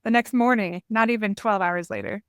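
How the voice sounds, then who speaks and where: A woman's voice: mid-range voice, brisk, clear, resonant tone, no echo, studio quality. A woman as a podcast guest, telling parenting stories in a candid, reflective and self-deprecating way. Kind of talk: conversational storytelling.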